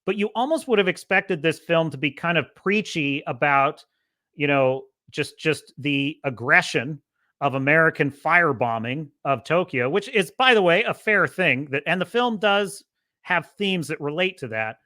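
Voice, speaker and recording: A man's voice: fairly high pitch, lively intonation, normal speed, sharp tone, dry recording, studio quality. A man hosting a podcast with casual movie commentary, ranting passionately and swearing freely. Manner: impassioned, profane ranting. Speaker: podcast host.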